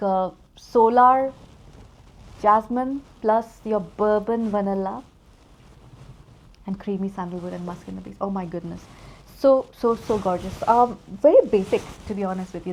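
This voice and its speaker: Mellow-voiced woman rambling through a perfume review, chatty, keeps getting sidetracked. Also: mid-range voice, a little hiss or hum. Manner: chatty, rambling, distracted by her cat. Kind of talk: casual review vlog.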